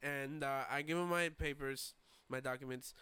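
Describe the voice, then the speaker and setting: Young new guy, bright crisp voice, dry room, storytelling host. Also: mid-range voice, fairly even intonation, normal speed, no echo. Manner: rambling, filler-heavy storytelling with quoted voices. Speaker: podcast host. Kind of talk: casual chat storytelling.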